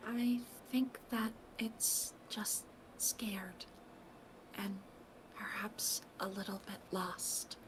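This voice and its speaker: A woman speaking softly and gently in whispered role-play during a tabletop game. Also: mid-range voice, fairly even intonation, very slow. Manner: soft, gentle. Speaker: player.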